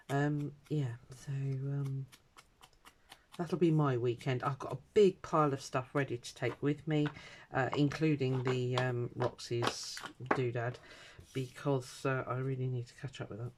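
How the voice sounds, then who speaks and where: At her home craft desk, a middle-aged British woman vlogs in a rambling, casual chat full of ums and uhs. Her voice is extremely low and steady, her pace unhurried, and there's noise in the background.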